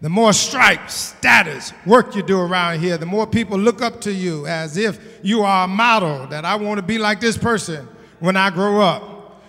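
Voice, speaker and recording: A man preaching a sermon as pastor of his church, emphatic and repeating his points, building to shouts. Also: sits high, normal speed, vocal fry, in a large hall. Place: church sanctuary.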